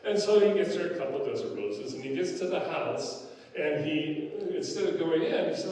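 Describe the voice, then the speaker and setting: A man's voice: on the high side, lively intonation, normal speed, few pauses, darkish tone. An older male pastor preaching a sermon in a folksy, anecdotal storytelling manner with frequent filler words. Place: church sanctuary. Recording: echoey church hall, distant mic.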